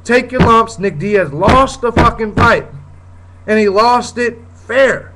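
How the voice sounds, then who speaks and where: This show host has an extremely high-pitched voice and takes things slowly, with background noise in the audio. His profane commentary is a heated, blunt rant, repetitive and peppered with "you know what I'm saying" and frequent curses.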